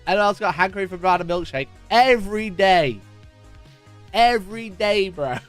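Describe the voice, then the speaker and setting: A man's voice: high-pitched, animated, normal speed, a bit bright, faint music behind. A man hosting a live stream, chatting casually and jokingly greeting viewers by name as he reads their messages. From United Kingdom.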